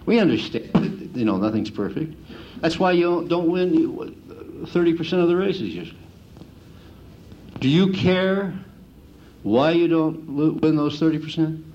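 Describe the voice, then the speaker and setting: A middle-aged man giving a folksy lecture on handicapping to an audience, an animated storyteller who mimics the gamblers he talks about. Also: on the high side, highs cut off. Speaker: handicapping instructor.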